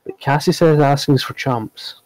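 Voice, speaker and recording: A man's voice: on the high side, a little slow, a little mellow, no echo, pitched above the performer's own voice, natural voice. A man voicing a tiny, cheeky young filly unicorn who talks in a whiny, pouting way.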